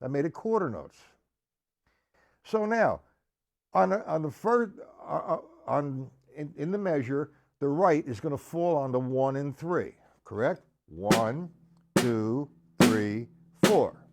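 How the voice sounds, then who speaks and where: A man's voice: a little high, animated, unhurried, gravelly. A man teaching a live-streamed drum lesson, counting beats aloud and asking viewers to respond.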